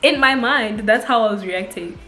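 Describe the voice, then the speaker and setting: Animated South African woman vlogging. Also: on the high side, normal speed, reverberant, soft background music. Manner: animated, exclamatory, laughs often. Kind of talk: casual storytime vlog.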